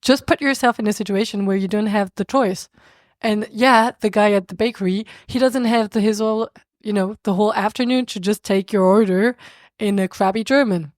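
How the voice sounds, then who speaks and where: Guest: French-accented woman, mid-pitched, lively and searching for words, dry close recording. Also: a little fast, no echo. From France. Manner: animated, searching for words, laughs often. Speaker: podcast guest. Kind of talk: casual conversation.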